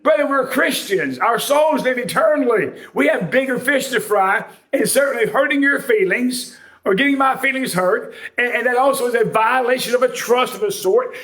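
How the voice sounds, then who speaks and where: A man delivers a sermon in a folksy, conversational manner, slipping jokes and homespun stories into his points. His voice sits high for a man. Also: animated, moderate pace, fairly bright tone. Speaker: preacher.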